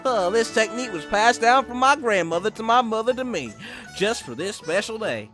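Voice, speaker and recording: A man's voice: animated, moderate pace. A man putting on a sweet country-drawl idol girl. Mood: teasing. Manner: high put-on voice with a country drawl. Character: cheerful young country-talking idol girl. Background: game music.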